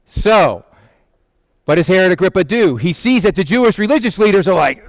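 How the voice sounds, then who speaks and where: A man preaching in a conversational style, asking the listeners questions and acting out quotes in quick voices. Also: high-pitched, animated, dry recording. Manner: asks the listeners questions and answers them. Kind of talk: conversational Bible teaching.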